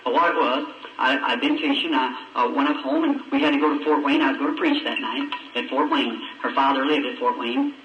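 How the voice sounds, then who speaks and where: A man's voice: a little fast, few pauses, noisy background. A man, telling a personal story in a folksy, emotional way. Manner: folksy, emotional, acts out voices in a high pitch. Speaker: preacher. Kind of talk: sermon storytelling. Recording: lo-fi old tape from a far mic, echoey church.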